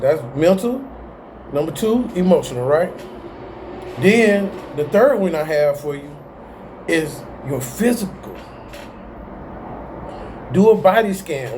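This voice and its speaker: Hosting a laid-back self-help video, this man has a somewhat high, slightly mellow voice, with a little hiss or hum in the recording. His casual motivational talk to camera is animated and full of slang, and he frequently laughs at himself.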